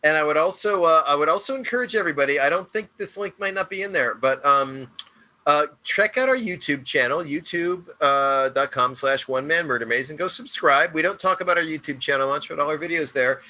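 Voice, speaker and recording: A man's voice: fairly high pitch, brisk, sharp tone. A man playing a tabletop game and co-hosting, chatting casually with playful, dramatic reactions. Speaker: player and co-host. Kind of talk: casual chat.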